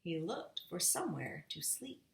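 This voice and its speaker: A woman's voice: on the low side, sing-song, moderate pace, gravelly, reverberant. A woman reading picture books aloud to her nieces, playfully giving each character its own voice. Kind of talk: children's story read-aloud.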